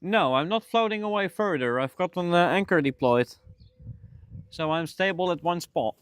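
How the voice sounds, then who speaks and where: A man's voice: high voice, lively intonation, normal speed, a bit bright, clean tone, dry recording. A man live-streaming, muttering to himself as he fishes and chatting casually with his viewers. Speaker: livestreamer.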